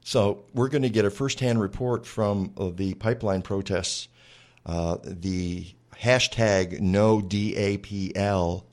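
A man's voice: fairly low pitch, fairly even intonation, slow, darkish tone. A man hosting a radio show from the studio, chatty and rambling, with lots of fillers. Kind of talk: casual radio talk.

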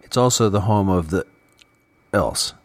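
A man voicing a calm, mysterious male construct that guards memories, speaking in a grave, deliberate way. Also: low voice.

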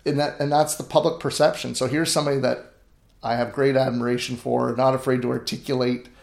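A man's medium-pitched, slightly mellow voice with vocal fry moves a little fast and stays fairly flat in pitch. He's a middle-aged grain farmer telling stories in an interview in an echoey room, earnest and emphatic, often beginning sentences again.

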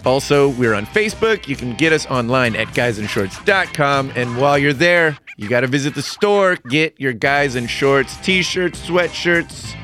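A man hosting a podcast in casual chat, upbeat and quick to laugh, reading out the sign-off plugs. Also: mid-range voice, animated, bright, forceful tone, faint music behind. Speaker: podcast host.

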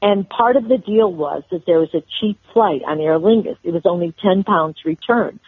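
A woman's voice: on the low side, breathy edge, dry recording. Older woman telling stories over a phone line. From Chicago, USA. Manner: warm storyteller, halting restarts. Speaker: guest. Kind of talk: storytelling interview. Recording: tinny phone-line audio.

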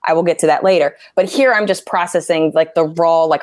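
A woman comedian talking casually about writing jokes, animated and swearing freely as she acts out angry quotes. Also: on the low side, fast talker, dry recording, clean studio sound. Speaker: stand-up comedian. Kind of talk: casual interview talk.

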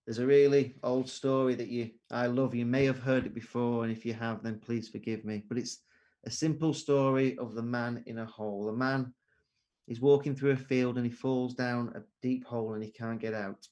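A man's voice: mid-range voice, fairly even intonation, moderate pace, darkish tone, highs cut off. A man preaching an earnest sermon over a video call, asking rhetorical questions.

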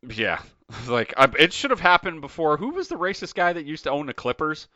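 A man's voice: on the high side, very animated, fairly quick, sharp tone, dry recording, muffled recording. A man hosting a casual sports betting podcast, talking in an emphatic, ranting way. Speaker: podcast host.

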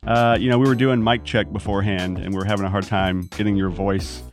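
A man's voice: lowish voice, fairly even intonation, fast, faint music behind. A man hosting a podcast, reading the sponsor spots and then chatting conversationally with his guest. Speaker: podcast host. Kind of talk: podcast interview.

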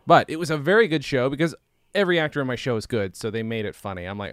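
A man's voice: medium pitch, fast, no echo, studio quality. A man co-hosting a podcast, talking casually and sarcastically with strong opinions. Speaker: podcast co-host. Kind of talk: casual chat.

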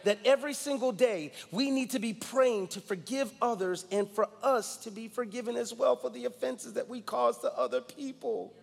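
A man's voice: very high-pitched, normal speed, vocal fry, few pauses, in a large hall. A man in his forties from New York, a guest pastor preaching a sermon with emphatic personal storytelling. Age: 40s.

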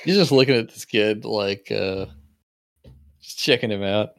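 A man narrating a tabletop game as game master, relaxed and hesitant. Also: fairly low pitch, a little slow, no echo, studio quality.

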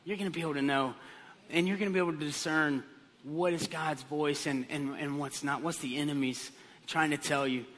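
Animated man preaching in a reverberant hall. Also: a little high, brisk. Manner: animated storytelling with comic voices. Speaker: pastor. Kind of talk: sermon.

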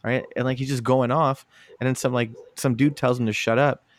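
A man in casual podcast chat, talking in an animated, profane way and breaking into laughter. His voice sits in a middle register and the sound is dry and close. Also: medium pitch, a little fast, no room sound.

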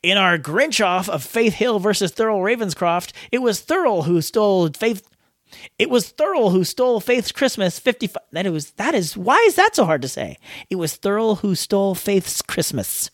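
A man's voice: sits high, very animated, normal speed, a bit bright, no room sound, studio quality. A man hosting a podcast, playing back outtakes where he trips over his lines and mocks himself. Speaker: podcast host. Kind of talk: blooper reel of outtakes.

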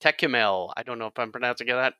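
A man's voice: mid-range voice, completely flat delivery, very fast, pushed and bright, smooth, no echo. A man hosting a podcast about tabletop games, chatting casually and jokily while he explains the rules. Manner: jokey, explains game rules at length. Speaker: podcast host.

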